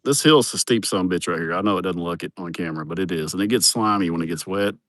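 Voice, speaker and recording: A man's voice: deep voice, quick pace, a bit bright, no room sound, studio quality. A man, giving a crude, joking, rambling livestream tour of his farm, outdoors on a phone camera. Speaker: vlogger showing his farm. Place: outdoors on rural farmland.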